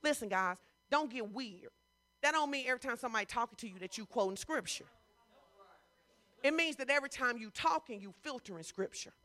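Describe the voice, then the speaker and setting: A woman pastor preaching a sermon in a conversational, informal way, switching between loud emphasis and hushed asides. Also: on the high side, expressive, fairly quick. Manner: informal, talks straight to the congregation.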